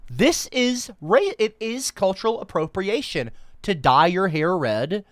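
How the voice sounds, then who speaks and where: A commentator ranting over an article, stammering and repeating points for emphasis. The voice leaps up and down in pitch as the outrage builds. It sits close and dry, with no room sound. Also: sing-song, a little slow, hardly any pauses, dry recording. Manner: emphatic, repetitive, stammering restarts, swings high when outraged. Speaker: online commentator.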